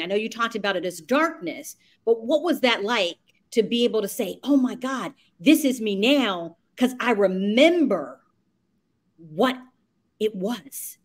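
A woman leads an interview, asking thoughtful questions in an encouraging manner. Her voice sits at an ordinary pitch for a woman. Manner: encouraging, warm questioning with affirming murmurs.

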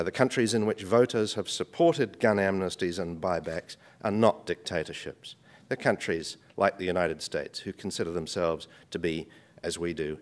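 A man delivers a formal conference presentation in a measured, steady way. His voice sits low, and he sometimes repeats a word before pushing on. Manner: measured, repeats words when restarting. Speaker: conference speaker. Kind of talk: academic presentation.

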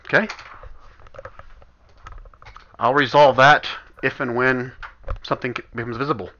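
A man serving as game master for a tabletop game chats casually, thinking aloud while he shifts pieces around the map. His mid-range voice moves fairly quickly with a fairly even intonation, and there's background noise. The audio is dull, lo-fi voice chat quality.

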